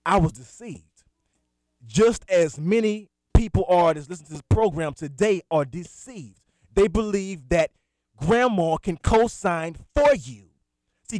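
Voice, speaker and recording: A man's voice: a little high, a little mellow, dry recording, studio quality. A man hosting a Christian talk radio show, preaching in a direct, emphatic way. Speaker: radio host and minister.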